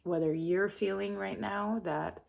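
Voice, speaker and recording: A young adult woman giving a channeled spiritual message in a calm, soft-spoken, meditative way. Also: mid-range voice, a little slow, vocal fry. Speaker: spiritual reader.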